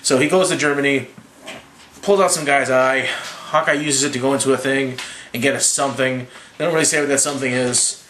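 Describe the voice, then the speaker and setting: A slightly drunk young man rambling through a profane, casual movie recap with quick impressions. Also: medium pitch, fairly even intonation, a bit bright, echoey room, slight background noise. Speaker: movie reviewer.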